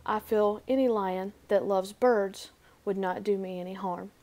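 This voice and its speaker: A woman's voice: mid-range voice, fairly even intonation, measured pace, darkish tone, natural voice. A woman voicing a brave, honorable young daughter in a fairy tale, earnest and resolute.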